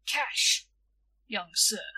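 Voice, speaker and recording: A woman's voice: fairly high pitch, very animated, a little slow, bright, forceful tone, dry recording, distant mic, full character voice. A woman voicing a gloomy, firm old sweet-shop keeper in a storybook reading, heavy and lugubrious.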